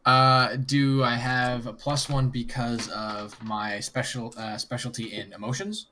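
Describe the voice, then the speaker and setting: A player at a tabletop role-playing session who keeps asking questions about the rules and plays the game with a light, playful touch. The voice sits at a middling pitch, and keyboard typing can be heard nearby. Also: a little slow, bright, forceful tone, slight background noise.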